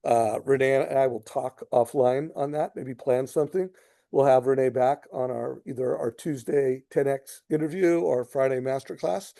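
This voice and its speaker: Male show host, fired-up tone, gravelly and warm, dry close recording. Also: medium pitch, moderate pace, no echo. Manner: enthusiastic, addresses viewers as guys. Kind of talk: interview hosting.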